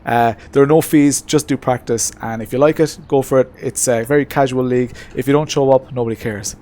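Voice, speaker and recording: A man chatting casually on a live stream from his home racing setup, relaxed and talkative, answering chat with many hesitations. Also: medium pitch, fairly quick. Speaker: streamer racing in a sim-racing league.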